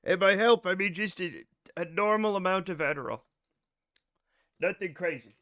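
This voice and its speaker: Casting: male streamer, high and bright, scattered self-mocking chatter into a desk mic. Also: moderate pace. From United States. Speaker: game streamer. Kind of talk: casual livestream chat.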